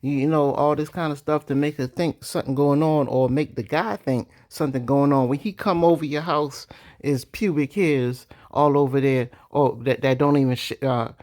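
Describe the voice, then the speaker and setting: Slangy man riffing on marriage. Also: moderate pace. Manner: animated, slangy, jumps into high-pitched mock voices. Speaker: vlogger. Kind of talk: casual commentary.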